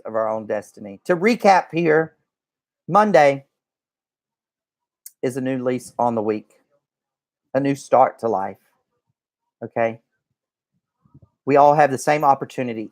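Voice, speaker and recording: A network marketing coach giving a casual motivational talk, chatty and folksy, often checking in with "okay?" and "right?". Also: medium pitch. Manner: acts out phone calls in a lively voice. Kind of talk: casual motivational talk to a live online group.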